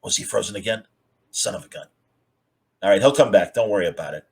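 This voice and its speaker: A man's voice: on the low side, expressive, quick pace, husky, low-quality recording. A man hosting a casual video-call interview, rambling with many fillers. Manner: friendly, rambling, lots of fillers. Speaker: host.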